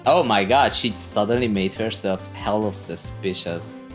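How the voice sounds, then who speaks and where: A woman's voice: a bass voice, a little slow. A woman streamer reading a game aloud, with wry, joking asides. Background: faint game music.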